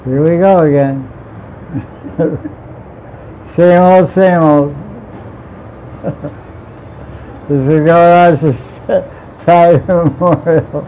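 Slow, playful man teaching a class. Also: on the high side, fairly even intonation, warm tone. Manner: playful, laughs often, asks the class questions. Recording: dull lo-fi sound with faint vehicle noise.

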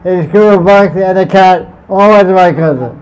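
A man's voice: sits high, moderate pace, darkish tone, smooth. A man telling a devotional story as a spiritual teacher. He rambles, chuckles and restarts his sentences often. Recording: muffled lo-fi recording.

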